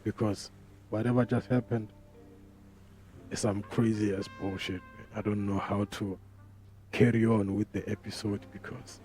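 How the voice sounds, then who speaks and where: A man's voice: fairly low pitch, flat delivery, normal speed, pauses often, warm tone, faint music behind. A man hosting a podcast, talking casually in a rambling, profane way full of street slang. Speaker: podcast host. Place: podcast studio.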